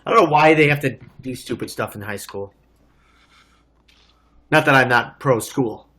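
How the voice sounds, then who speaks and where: A man's voice: mid-range voice, moderate pace, pushed and bright. A man co-hosting a casual livestream, chatty and joking as he answers viewer comments. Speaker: co-host and culinary school graduate.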